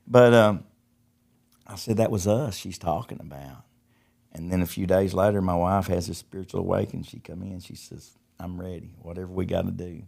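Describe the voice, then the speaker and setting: Middle-aged man, podcast guest, deep low voice, rambling folksy storyteller. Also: creaky, darkish tone. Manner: folksy, repeats words as he tells stories. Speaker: podcast guest, recovery ministry founder. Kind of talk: casual testimony storytelling.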